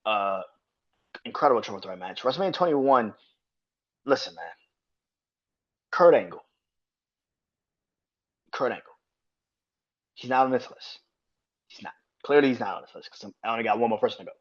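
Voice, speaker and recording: Man, podcast host, casual solo monologue, excitable, profane, middle-pitched, slightly muffled recording. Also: fast talker, long pauses. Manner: excitable, profane, laughs and gets loud when worked up.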